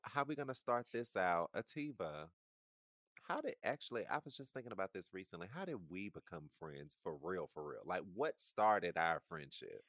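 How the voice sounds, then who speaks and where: A man with a lowish voice and a bright, forceful edge, trading teasing banter on a podcast. He lands his points with dramatic emphasis. The recording is dry and close. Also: sing-song, moderate pace, dry recording. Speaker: podcast co-host. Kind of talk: casual chat.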